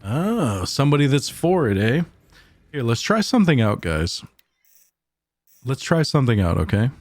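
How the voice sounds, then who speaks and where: A man's voice: medium pitch, very animated, normal speed, no echo. A man streaming a game, talking casually and profanely in a rambling way. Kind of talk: casual gameplay commentary.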